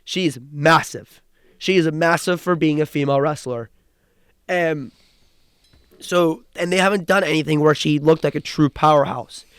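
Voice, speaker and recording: A young man co-hosting a podcast, recapping wrestling in an excited, rambling way with frequent restarts. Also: a little high, normal speed, clean tone, no room sound, clean studio sound. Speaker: podcast co-host. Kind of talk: casual chat.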